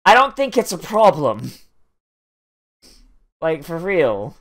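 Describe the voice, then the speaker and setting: A man's voice: fairly high pitch, wildly swooping pitch, takes it slowly, fairly bright tone. Sarcastic, swearing man reacting to anime. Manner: sarcastic, swearing, mock-angry. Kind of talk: profane watch-along commentary.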